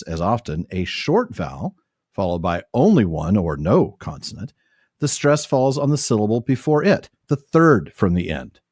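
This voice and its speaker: A man's voice: medium pitch, darkish tone, no echo, studio quality. A man co-hosting a podcast, reading passages aloud and breaking them down in casual discussion. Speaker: podcast co-host.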